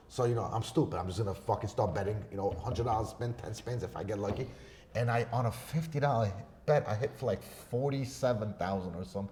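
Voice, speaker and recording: A man on a podcast telling a story in a casual, profane way, swinging between loud bursts and hushed asides. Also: mid-range voice. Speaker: podcast guest.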